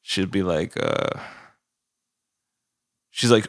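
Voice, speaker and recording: A man's voice: fairly low pitch, animated, normal speed, vocal fry, a bit bright, no room sound, studio quality. A man with a nasal voice co-hosting a casual podcast, laughing often and mimicking people on the phone. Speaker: podcast co-host. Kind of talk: casual chat.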